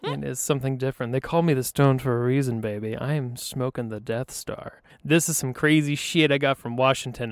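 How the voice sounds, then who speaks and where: A man with an Upper Midwest American accent joins a podcast over a video call, laid-back and quick to laugh. He swears freely in easy, casual chat. His voice is dry and close, with no room sound. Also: medium pitch, steady tone, no echo. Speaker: podcast guest.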